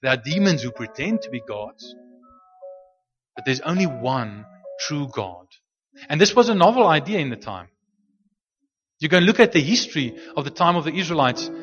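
A man preaching a sermon in a loose, unscripted teaching style, often restarting and repeating words, and slowing down to stress scripture when he reads it aloud. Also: mid-range voice, dull audio.

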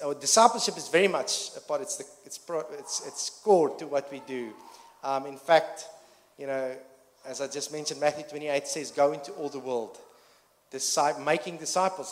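Earnest male preacher in echoing hall. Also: on the high side. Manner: earnest, frequent restarts and fillers, rising emphasis. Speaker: pastor. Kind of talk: sermon. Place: church hall. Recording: long reverb of a church hall.

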